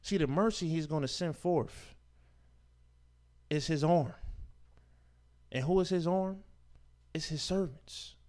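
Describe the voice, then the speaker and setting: A man with a high voice preaches a sermon, reading verses and explaining them. His delivery swings between forceful declarations and hushed asides, slowing down to stress key words and using informal speech and rhetorical questions. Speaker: teacher of a Sabbath scripture class.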